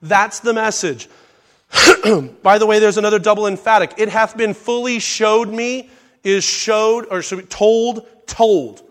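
High-voiced man preaching a Bible study. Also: fairly even intonation, measured pace, fairly bright tone. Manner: reads scripture aloud in King James wording, with asides and self-corrections.

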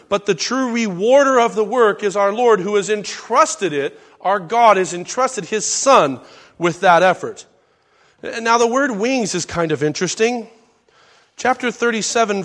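High-voiced male preacher, Bible-study sermon, scripture readings mixed with asides. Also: a bit bright. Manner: reads scripture aloud in King James wording, with asides and self-corrections.

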